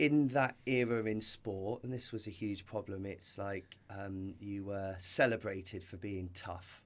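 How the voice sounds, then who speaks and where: Earnest, reflective man with a lowish voice. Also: fairly even intonation, measured pace. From Britain. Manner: earnest and reflective, with many restarts and "you know". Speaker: podcast guest. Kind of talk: storytelling in a conversational interview.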